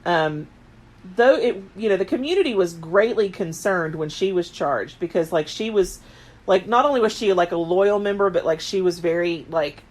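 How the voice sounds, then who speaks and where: A woman's voice: lowish voice, moderate pace. A woman in her late thirties, co-hosting a podcast and retelling history in casual chat, rambling and full of filler words. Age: late 30s. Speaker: podcast co-host.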